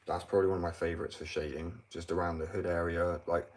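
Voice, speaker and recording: A man's voice: deep voice, little pitch movement, fast talker, low-quality recording. A young man chatting casually in an interview about skating and his tattoo art, rambling with lots of "like" fillers and blunt swearing. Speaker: skateboard company owner and hobby tattoo artist.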